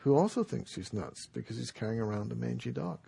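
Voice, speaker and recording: A man giving a dharma talk, telling a traditional story in a relaxed, unhurried way with many pauses. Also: mid-range voice. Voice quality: gravelly and very husky. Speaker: dharma teacher.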